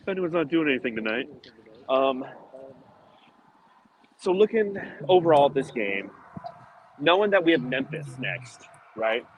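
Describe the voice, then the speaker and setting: Out of breath while walking outdoors and climbing stairs, a man hosts a casual sports podcast, rambling through analytical basketball talk full of fillers. His medium-pitched voice is very animated yet unhurried, with long pauses. The audio is narrow and tinny, with slight background noise.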